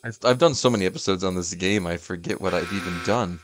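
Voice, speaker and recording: Excitable young man with a low voice. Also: quick pace, faint music behind. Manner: excitable, yelps and laughs at the game. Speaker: gaming YouTuber. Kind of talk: casual gameplay commentary.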